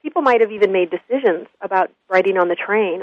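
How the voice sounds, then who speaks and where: A woman guest telling a story in an earnest, animated interview. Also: mid-range voice, fast talker, no room sound. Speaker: guest, school consultant. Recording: dull lo-fi radio audio.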